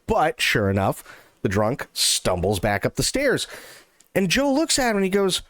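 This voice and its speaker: A man streaming live, telling a long joke and thanking viewers in an excitable, animated way. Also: a little high, measured pace, long pauses, no room sound.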